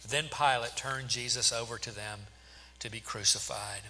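A man's voice: medium pitch, fairly even intonation, moderate pace, sharp tone, a little hiss or hum. A man reading scripture aloud in a dramatic way, narrating steadily with small stumbles. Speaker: scripture reader. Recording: long hall reverb.

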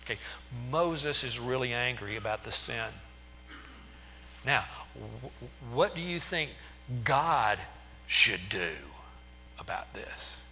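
A man's voice: medium pitch, lively intonation, slow, long pauses, bright, forceful tone, in a large hall, a little hiss or hum. A man preaching a sermon, retelling scripture in plain words with restarts and asides.

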